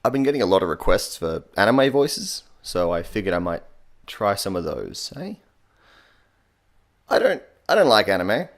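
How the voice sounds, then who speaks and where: A young man hosting a comedic voice tutorial, sarcastic and deadpan, swearing casually. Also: on the low side, moderate pace. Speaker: comedy YouTuber.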